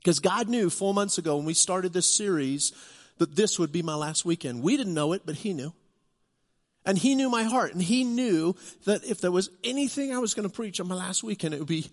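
A man's voice: high-pitched, animated, fairly quick. A man preaching a sermon as pastor, earnest and building to emphatic questions. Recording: long hall reverb.

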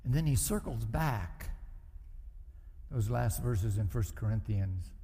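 A man's voice: lowish voice, animated, takes it slowly, mellow, long reverb tail. A middle-aged male pastor preaching a sermon in a conversational way, with acted asides. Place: church sanctuary.

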